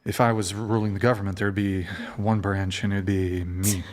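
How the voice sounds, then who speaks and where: A man's voice: lowish voice, flat delivery, moderate pace. A young man hosting a casual talk show, quizzing guests with jokes and stumbling restarts. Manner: joking, teasing, stumbling restarts. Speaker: host. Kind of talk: casual quiz banter with guests.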